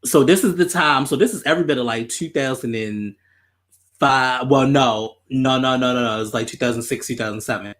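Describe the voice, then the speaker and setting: A man tells a story on a podcast, talking in a loose, animated way. He swears freely and repeats himself as the story builds. His voice sits at an average pitch. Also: a little fast. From Baltimore, USA. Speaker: podcast host. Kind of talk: casual storytelling.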